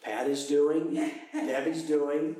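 A British man leads a small Bible study, explaining with animated bursts and exclamations. His voice sits on the high side for a man. The recording is poor and very echoey. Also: slow pace, a little hiss or hum. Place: room with a small study group.

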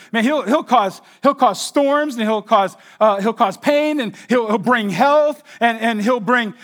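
A man preaching a sermon as pastor, swinging between hushed, slow passages and loud, excited stretches where he acts out imagined voices and repeats his words. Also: very high voice.

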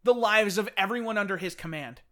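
A man co-hosting a casual podcast chat, animated, often acting out characters' lines. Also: high-pitched. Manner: animated, fast-talking enthusiast who acts out characters' lines. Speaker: podcast co-host. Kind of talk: casual chat about books.

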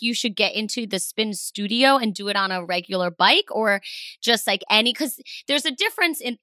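A woman's voice: a little high, sharp tone, dry recording, clean studio sound. A woman hosting a podcast, chatty and teasing in casual conversation. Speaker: podcast host.

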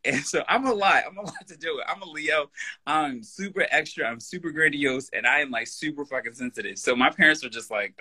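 A man with a husky, slightly breathy voice and a pushy, forceful edge, sitting somewhat high for a man. He is a podcast guest in a casual conversation, talking emphatically and bluntly, with plenty of swearing. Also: a little fast. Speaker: personal trainer.

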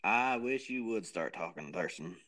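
A man's voice: sits low, animated, moderate pace, sharp tone. A man co-hosting a podcast, rambling and joking in a self-mocking way. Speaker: podcast co-host. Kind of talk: casual chat.

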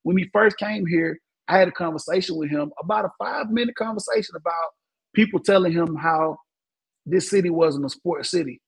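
Husky laid-back man hosting sports talk. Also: high-pitched, fairly quick, rough recording. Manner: laid-back, says "man" at the end of many lines. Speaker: podcast host.

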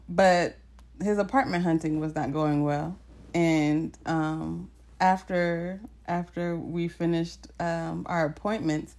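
A young woman co-hosts a casual podcast and tells a story. Her voice sits a little low, and she laughs often. She jumps sharply higher when she quotes herself. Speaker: podcast co-host.

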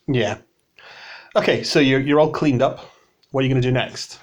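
Man, game master, dry wry delivery, medium pitch, casual table talk. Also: fairly even intonation, normal speed.

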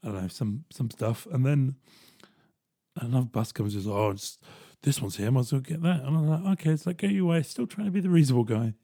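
A man hosting a podcast, telling a story in a chatty, animated way and jumping into quick voiced asides. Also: mid-range voice, breathy edge, dry recording, studio quality. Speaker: podcast host. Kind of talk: casual storytelling monologue.

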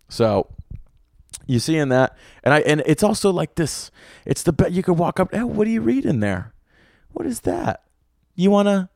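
A young man hosts a solo podcast, telling a rambling, comedic story packed with swearing in an animated, profane way. His medium-pitched voice is recorded close and dry with no room sound, in a room with an air conditioner.

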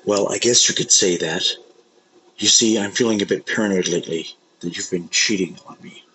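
An actor playing a paranoid, confused husband in a scripted sketch, speaking in stiff, formal phrases. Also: male voice, low voice, a little fast, pushed and bright, husky, heavily acted, poor audio. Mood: bewildered.

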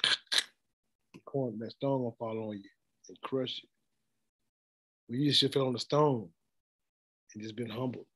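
A man's voice: mid-range voice, fairly even intonation, a little slow, pauses often, fairly bright tone, slightly rough. A middle-aged man preaching a blunt, informal sermon and laughing often as he speaks. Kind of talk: street sermon.

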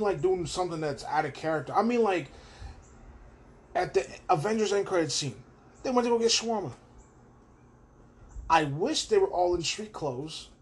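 A man hosting a casual solo podcast from his own room, rambling, swearing and animated. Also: a little high, husky. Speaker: podcast host.

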